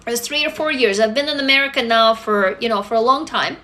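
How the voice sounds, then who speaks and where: Speaking fast with a fairly high pitch and a sharp tone, a woman from Russia chats casually with her livestream viewers. As host, she answers them bluntly and emphatically, swearing freely.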